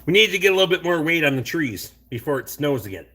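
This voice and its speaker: A man's voice: a little high, big pitch swings, quick pace, pushed and bright, a little hiss or hum. A middle-aged man hosting a casual late-night stream, talking bluntly and swearing a lot while he rambles and answers chat. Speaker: livestream host reading chat.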